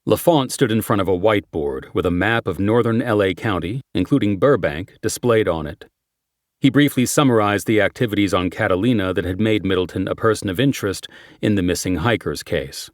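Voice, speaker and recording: A man's voice: fairly quick, no room sound, clean studio sound. A man reading a crime thriller audiobook in a scripted narration style, lifting his voice for quoted lines. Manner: lifts pitch and volume for quoted dialogue, drops low for tags.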